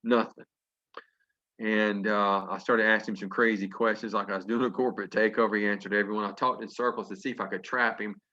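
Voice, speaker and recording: A man telling a folksy story to an audience, lively and chuckling as he acts out what people said. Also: on the low side, brisk. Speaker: business testimonial speaker. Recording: dull lo-fi conference call audio.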